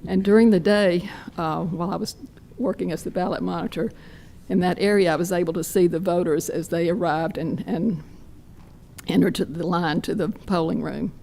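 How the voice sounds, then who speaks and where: A hoarse woman giving a detailed, measured public comment at a podium mic in a county meeting room. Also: on the low side, steady tone, mellow, slight background noise.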